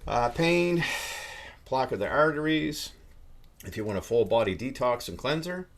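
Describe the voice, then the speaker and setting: A man hosting a casual podcast, talking in an excitable, profane, rambling way. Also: medium pitch, moderate pace. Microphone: camera setup.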